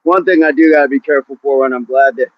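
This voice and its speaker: A man's voice: medium pitch, fast talker, highs cut off, a little hiss or hum. A man hosting a live outdoor workout stream, out of breath as he exercises and greets viewers by name between sets. He talks into a phone propped against a tree at the bottom of a hill. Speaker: fitness livestream host.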